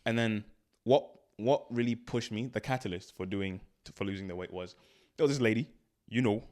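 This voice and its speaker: With a fairly low voice and moderate pace, a young man who's a spoken word artist chats casually as an interview show guest. His storytelling is animated, broken up by frequent laughter and acted-out quotes.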